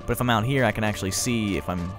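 A young man giving excitable, chatty let's-play commentary, laughing often. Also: on the low side, fast, music in the background. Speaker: gaming video host.

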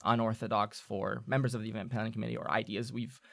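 A man's voice: on the low side, level tone, quick pace, creaky, no echo, clean studio sound. A man voicing a young male student rival who stammers and needles with pointed politeness, in tabletop role-play. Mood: measured.

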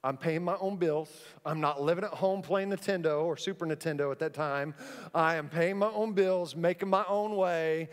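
A man preaching a sermon from a church stage, an animated storyteller who acts out the scenes he describes. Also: fairly high pitch, moderate pace, smooth. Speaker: pastor. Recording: long church hall reverb.

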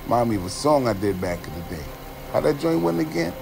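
A man playing a smug, scheming male music mogul who talks in a low, slow, threatening drawl. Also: very animated, vocal fry. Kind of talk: comedy skit impression.

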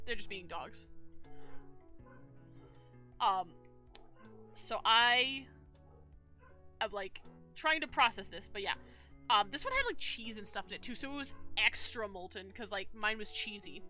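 A woman's voice: fairly high pitch, moderate pace, pauses often, faint music behind. A woman streamer chatting casually and telling a rambling story, with plenty of fillers and restarts. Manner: animated, rambling, lots of fillers and self-corrections.

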